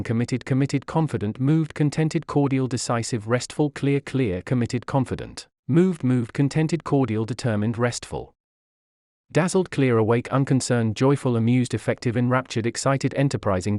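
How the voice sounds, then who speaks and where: Calm man reading a dry audiobook. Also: mid-range voice, no echo. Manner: slow, measured reading of long word lists. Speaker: audiobook narrator. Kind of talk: scripted narration.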